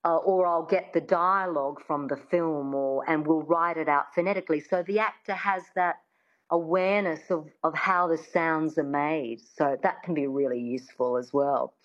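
A woman who grew up in Australia works as a dialect coach, breaking sounds down and saying them slowly for her student. The recording is a little dull and muffled. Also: sits low. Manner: demonstrative, slows down to model sounds. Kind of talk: teaching an accent in an interview.

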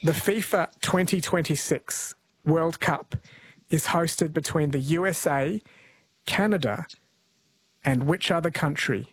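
A man's voice: a little high, slow pace, slightly rough, dry recording. A man hosting a call-in radio quiz, friendly and chatty, laughing easily.

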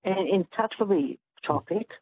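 A woman calling a radio quiz, cheerful and quick to laugh. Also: mid-range voice, expressive, husky, no room sound. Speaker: caller. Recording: dry, tinny phone line.

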